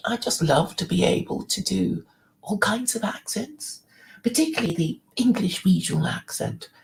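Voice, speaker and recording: Creaky-voiced woman rambling through a livestream. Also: medium pitch, low-quality recording. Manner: rambling, with many restarts and soft, half-whispered asides. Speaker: livestream host. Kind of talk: casual livestream chat.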